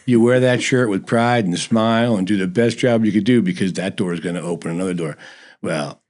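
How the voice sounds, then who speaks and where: A man's voice: fairly low pitch, a little fast, a little mellow. A middle-aged man who owns a barbecue business, telling stories in a folksy, rambling way as a guest in a casual interview. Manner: storytelling, folksy, lots of "you know". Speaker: barbecue restaurant owner, guest.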